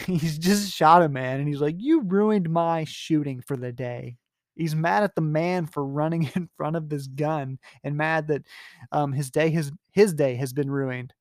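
A man's voice: a little high, a little slow, no room sound, clean studio sound. A young man hosting a podcast, casually recapping a novel in a rambling, amused way with lots of fillers. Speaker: podcast host. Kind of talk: casual book recap with readings.

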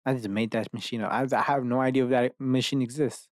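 A man's voice: medium pitch, steady tone, quick pace, dry recording, clean studio sound. A man hosting a podcast alone in his bedroom, rambling from one idea to the next with lots of profanity and self-mocking asides. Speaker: podcast host. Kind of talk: rambling solo rant.

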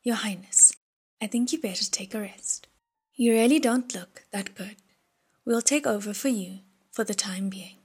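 A woman's voice: medium pitch, normal speed, darkish tone, husky. A woman voicing a blunt, loyal young male guard in an audiobook, speaking plainly with concern. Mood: worried.

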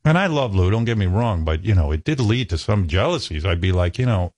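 A man's voice: deep voice, very animated, fairly quick, few pauses, darkish tone, no room sound. A man hosting a radio talk show, telling self-mocking comic stories and acting out other people's lines. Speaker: radio host. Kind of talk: comic storytelling chat.

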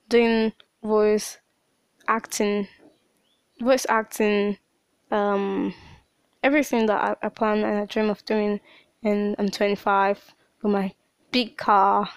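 A woman's voice: mid-range voice, smooth, no room sound. A woman in her late teens hosting a podcast, talking through a rambling, emotional personal monologue. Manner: emotional, rambling, with frequent restarts. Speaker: podcast host.

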